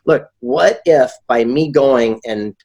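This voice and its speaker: A man with a slightly husky voice chats as an interview guest. He tells his stories with energy and acts out the people he quotes in them. His pitch sits in an ordinary middle range for a man. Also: takes it slowly. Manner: animated, acts out quoted dialogue. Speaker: author and keynote speaker, guest. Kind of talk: casual interview storytelling.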